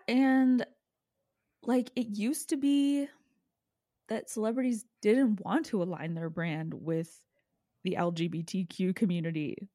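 A woman's voice: fairly low pitch, mellow, dry recording, studio quality. A woman co-hosting a podcast, chatting casually in a snarky, gossipy way and laughing often. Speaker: podcast co-host. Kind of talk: casual chat.

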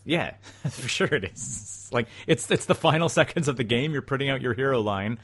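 A man's voice: mid-range voice, expressive, moderate pace, fairly bright tone. A man in his forties co-hosting a podcast in casual chat. He laughs often and acts out what other people said. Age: 40s. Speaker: podcast co-host.

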